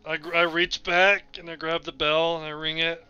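A man's voice: fairly high pitch, level tone, normal speed, bright, forceful tone, smooth, dry recording, lo-fi sound. A man playing a tabletop game, talking casually while bargaining in character. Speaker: player. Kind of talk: casual tabletop role-play.

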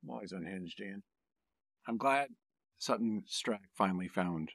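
A man co-hosting a podcast in casual chat. He makes mock-serious, deadpan jokes. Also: lowish voice, unhurried, gravelly, dry recording, clean studio sound. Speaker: podcast co-host and artist.

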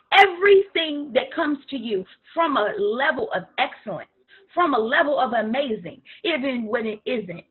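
High-pitched woman coach on tinny audio. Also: breathy edge. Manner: animated, emphatic, acts out dialogue with rising and falling intensity. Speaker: life coach. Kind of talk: motivational talk.

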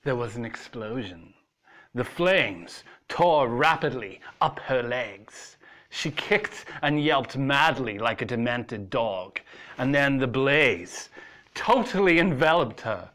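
A man reading a ghost story aloud in a slow, suspenseful way. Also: mid-range voice, lively intonation, a bit bright.

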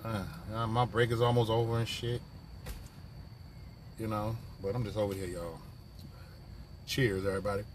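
A man's voice: fairly low pitch, little pitch movement, moderate pace, pauses often, slight background noise. A man hosting a casual live stream from his phone, talking loosely in profane, rambling banter with viewers. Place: on a work break, vehicle sounds nearby.

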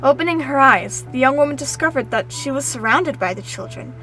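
Woman reading a kids story aloud, calm and steady, pretty high voice, soft music under. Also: a little fast, poor audio. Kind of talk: audiobook story narration.

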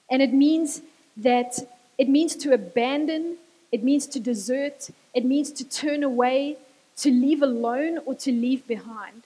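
Woman preacher, earnest, repetitive emphasis, husky voice, long hall reverb. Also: high-pitched, a little mellow. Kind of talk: sermon. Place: church hall.

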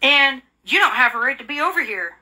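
A woman's voice: sits high, lively intonation, fairly quick, bright, forceful tone. A woman in an angry, profane rant, hurling repeated insults and accusations. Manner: furious, profane, repetitive insults; bitter, accusing.

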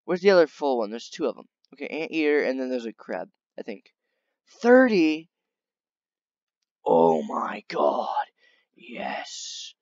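Talking straight to the on-screen creatures now and then, a man chats his way through a video game in an easygoing, excited manner. He's unhurried, though his pitch leaps up and down a lot. There's no room sound; the audio is dry and a bit dull, suggesting a simple home rig.

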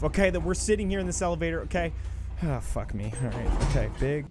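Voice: medium pitch, animated, fast talker, music in the background. A streamer giving live horror game commentary, panicky and swearing, muttering reassurances to themself. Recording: noisy game ambience behind.

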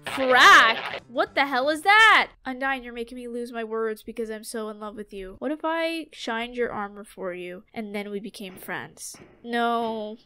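A young woman giving excitable, dramatic commentary while playing a game, talking back to its characters. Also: on the high side, a little slow, few pauses, clear, resonant tone. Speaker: let's play gamer.

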